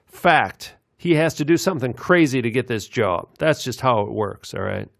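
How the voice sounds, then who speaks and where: Gravelly man rambling over clips. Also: medium pitch, lively intonation, fairly bright tone, no echo, studio quality. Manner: meandering, with many filler pauses. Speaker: video commentator.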